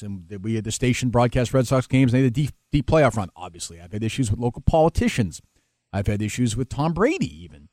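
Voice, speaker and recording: A man, a talk radio host, speaking candidly and emotionally in an interview, with frequent halting restarts. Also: mid-range voice, darkish tone, dry recording, studio quality. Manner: halting, many restarts, emotional and self-critical.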